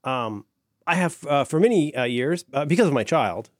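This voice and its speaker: A man's voice: a little high, expressive, moderate pace, dry recording, studio quality. A middle-aged man chatting casually as a podcast co-host, enthusiastic and rambling, full of fillers and restarts. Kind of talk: casual chat.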